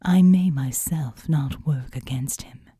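A woman reading an audiobook, voicing a serene, otherworldly female seraph who speaks slowly and in a hushed, deliberate way. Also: sits low, slightly rough, no echo, studio quality, voice pushed down, exaggerated voice. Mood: solemn. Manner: hushed, slow, deliberate delivery.

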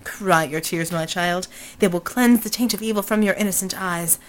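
A woman's voice: lowish voice, normal speed, natural voice, rough recording. A woman voicing a theatrical male pulp hero, speaking in a florid, courtly, old-fashioned manner. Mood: grandiose.

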